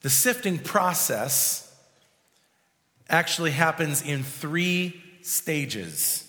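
A man's voice: on the high side, expressive, drawn-out words, in a large hall. A male pastor preaching a sermon, with frequent restarts and fillers. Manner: prays softly, then preaches with restarts and fillers.

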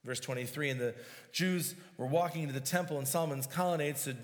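A man's voice: fairly high pitch, quick pace. A man preaching a sermon, reading scripture aloud and explaining it verse by verse with emphasis. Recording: long hall reverb.

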